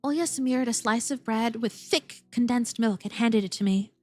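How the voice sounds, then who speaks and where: A woman's voice: a little high, normal speed, a little mellow, faint music behind. A woman streamer reading a game's story aloud, playful and giggly, swearing when startled.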